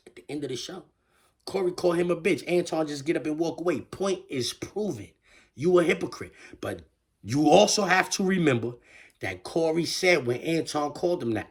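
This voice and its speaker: A man's voice: fairly high pitch, pushed and bright, husky. A man giving a casual commentary rant in slangy street talk, full of stammered restarts. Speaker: online commentator.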